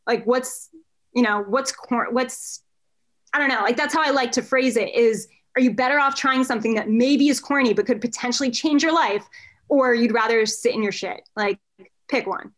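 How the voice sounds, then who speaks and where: A woman coach speaks with a fairly high voice, talking openly and bluntly in a loose podcast chat. She swears freely and keeps a conversational, unpolished flow. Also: moderate pace. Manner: candid and frequently swearing. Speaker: coach for men.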